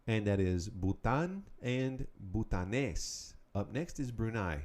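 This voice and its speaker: Low mellow guy running a spanish podcast drill, upbeat, patient. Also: lively intonation, slow pace. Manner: upbeat, patient, prompts listener then gives answers. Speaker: Spanish teacher.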